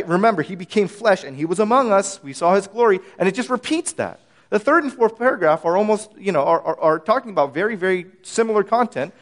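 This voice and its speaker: A man teaching through a Bible passage, earnest and repeating key phrases for emphasis, often restarting his words. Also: sits high. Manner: frequent restarts and stammered words.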